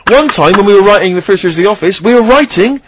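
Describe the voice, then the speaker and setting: A man's voice: high voice, expressive, racing. A man co-hosting a radio show, ranting emphatically and in exasperation during studio banter. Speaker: radio co-host.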